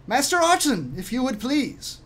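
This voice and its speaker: A man's voice: very high-pitched, sing-song, normal speed, fairly bright tone, pitched above the performer's own voice, heavily acted. A man voicing a polite male servant who speaks formally and courteously.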